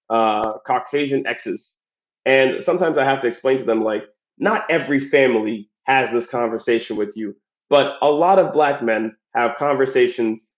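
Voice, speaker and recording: A man in a casual monologue, talking bluntly and profanely, rambling with fillers. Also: medium pitch. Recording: roomy, dull lo-fi sound.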